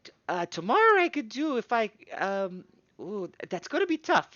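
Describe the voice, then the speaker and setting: A stout female gnome smith chatters in a high, bouncing voice, stumbling over her own words in a fluster, as a man puts her on. She is a hard-working tabletop-game tradeswoman. The sound is dull and dry. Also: sing-song, normal speed, pushed and bright, no echo, exaggerated voice. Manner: stammering, fluster, repeated words.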